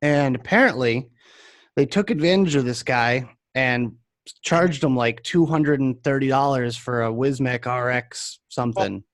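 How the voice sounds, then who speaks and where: A man's voice: mid-range voice, measured pace, no echo. A man hosting a casual chat, telling rambling shop anecdotes with lots of fillers. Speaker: podcast host and vape shop worker.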